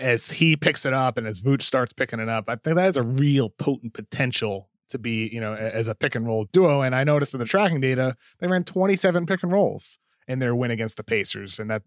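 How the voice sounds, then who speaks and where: Male podcast co-host, mid-pitched, dry sound, quick stat-heavy analysis. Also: dry recording. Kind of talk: casual basketball analysis.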